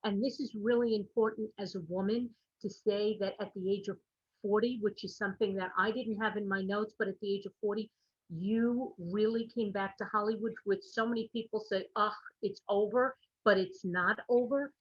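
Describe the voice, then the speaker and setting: Brief: female talk show host, husky and effusive, on a dull, muffled line. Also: mid-range voice, steady tone, moderate pace, dry recording. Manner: effusive, recaps before asking. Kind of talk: interviewer's question.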